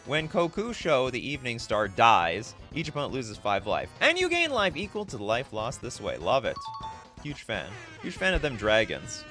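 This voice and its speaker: A man's voice: mid-range voice, huge pitch swings, moderate pace, bright, forceful tone, faint music behind. A man streaming live, reading viewer requests in casual, self-mocking chat, laughing often.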